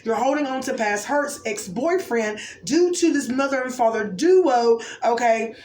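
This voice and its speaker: A woman's voice: fairly high pitch, unhurried, darkish tone. Woman giving a musing oracle card reading. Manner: musing, exclamatory, keeps checking in with "okay?". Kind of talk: intuitive card reading to viewers. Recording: roomy echo, faint background noise.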